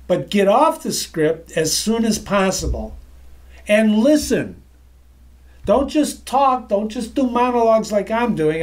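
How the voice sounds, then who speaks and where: A man delivers a motivational sales lesson from his office in a high, lively voice that swings widely up and down. He talks emphatically, repeats key phrases for effect and keeps calling out to his listeners as ladies and gentlemen while pacing around. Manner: moves around while talking. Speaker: sales trainer presenting to an online audience. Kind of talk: energetic motivational presentation.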